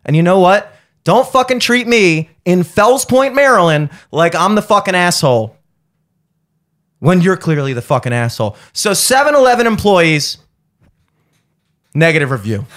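A man's voice: high voice, big pitch swings, normal speed, fairly bright tone. A man hosting a podcast, telling a heated, sweary story and ranting with mocking asides. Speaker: podcast host.

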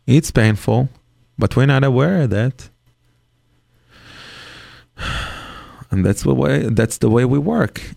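Gravelly rabbi teaching in slow earnest English. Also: male voice, medium pitch, lively intonation, a little mellow, dry recording, clean studio sound. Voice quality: non-native English grammar. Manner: earnest, acts out parent and child in dialogue. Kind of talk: Torah lecture on parenting.

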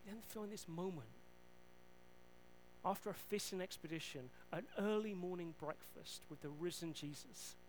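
A male preacher retells scripture scenes in a lively storytelling manner, breaking off for joking asides about himself. His voice is high for a man. A faint hum runs under the recording. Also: normal speed, poor audio. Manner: storytelling, animated, self-deprecating asides. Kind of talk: sermon.

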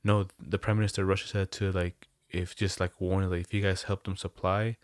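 A man's voice: deep voice, flat delivery, brisk, no echo, studio quality. A young man in casual chat, rambling and slangy, full of "like" and "bro".

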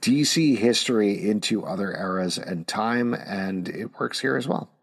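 A man co-hosting a podcast, briskly reading out credits and leading each review segment. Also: lowish voice, husky. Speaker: podcast co-host.

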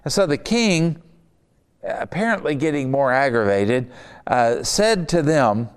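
A man delivering a sermon in a smooth, resonant voice pitched in the middle range. He moves from easygoing stories and rhetorical asides to slow, emphatic scripture reading. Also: lively intonation. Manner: conversational storytelling with rhetorical asides. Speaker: preacher.

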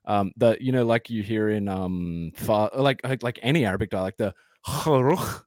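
A man's voice: fairly low pitch, normal speed, darkish tone, no room sound, studio quality. A man with an Australian accent, a podcast guest rambling through casual explanations with plenty of fillers. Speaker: podcast guest, former band vocalist.

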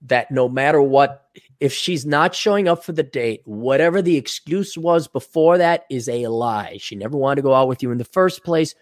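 A man's voice: medium pitch, no echo, clean studio sound. A man co-hosting a casual podcast, telling stories and acting out quoted voices. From United States. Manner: animated, acts out quoted voices. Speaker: podcast co-host.

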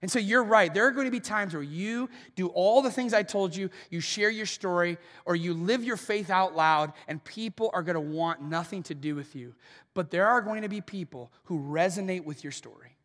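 Bright high-voiced pastor in a reverberant hall. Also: male voice, normal speed. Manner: animated storytelling, acting out quoted voices. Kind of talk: sermon. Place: church auditorium. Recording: long reverb of a large hall.

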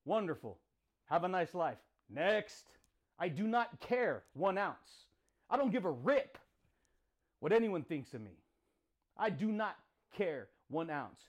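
A man hosting a podcast, giving an intense, profane motivational monologue in punchy, repeated phrases. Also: high-pitched. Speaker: podcast host.

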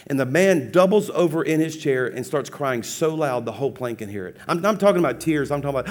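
A man preaching as a pastor, telling a funny personal story with lively, laughing acted-out dialogue. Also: a little high, fast, some chatter behind. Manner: animated, humorous, acts out dialogue with laughs. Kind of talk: sermon storytelling.

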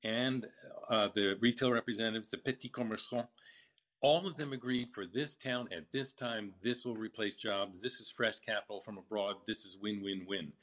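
An older man recounting his business story in a casual interview, halting with fillers and restarts. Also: fairly low pitch, steady tone, a bit bright.

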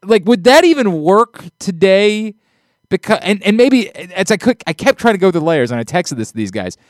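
Smooth-voiced exasperated male podcast host. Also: high-pitched, big pitch swings, moderate pace, no echo, studio quality. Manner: rambling, exasperated, restarts often. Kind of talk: casual chat.

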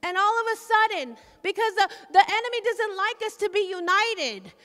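A woman's voice: very high voice, lively intonation, normal speed, fairly bright tone. A woman preacher giving a fervent, repetitive sermon testimony at a church service. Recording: long hall reverb.

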